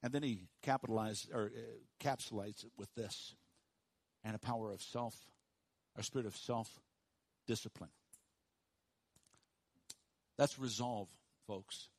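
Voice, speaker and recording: A pastor preaching a sermon to his congregation, dropping to hushed, slow emphasis and rising to loud, high calls for the room to repeat after him. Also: no room sound. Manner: swings from hushed low emphasis to loud high call-and-response.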